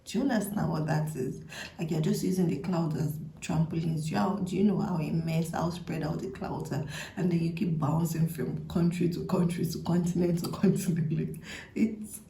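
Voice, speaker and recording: A woman giving a tarot reading, talking straight to the listener in a breathy half-whisper full of playful asides. Her voice is dark and gravelly. The room has a clear echo. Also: on the low side, fairly even intonation, normal speed, slight background noise. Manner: breathy half-whispered delivery, playful, chatty with many likes. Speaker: tarot reader. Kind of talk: intuitive reading to camera.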